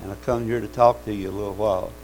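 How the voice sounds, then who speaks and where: A man's voice: fairly low pitch, steady tone, racing, a little mellow, a little hiss or hum, low-quality recording. A man preaching a sermon in a folksy, fervent way, calling out amens and hallelujahs.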